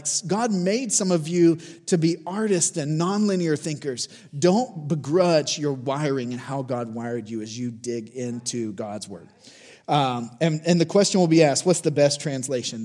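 A man in his forties delivers a sermon in a relaxed, conversational way, urging his congregation on and circling back to the same challenges. His voice sits a little high for a man. Its tone stays warm and mellow rather than bright. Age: 40s. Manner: conversational, encouraging, repeats challenges. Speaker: pastor.

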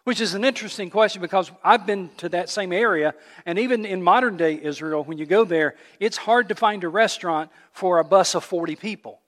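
Animated high-voiced male pastor preaching. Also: brisk, hardly any pauses, big-room sound. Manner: animated storytelling, rhetorical questions to the congregation. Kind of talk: sermon.

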